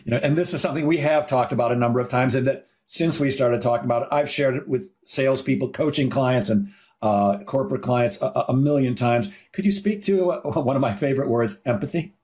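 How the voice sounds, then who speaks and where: A man interviewing a guest, starting his question haltingly with repeated words. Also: medium pitch, a little mellow. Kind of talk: conversational interview.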